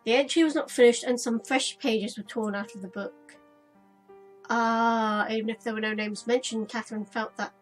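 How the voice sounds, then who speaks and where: A woman's voice: fairly high pitch, rough recording. A woman playing through a visual novel, reading the narration and journal entries aloud dramatically and breaking off for casual chat. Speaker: let's play gamer.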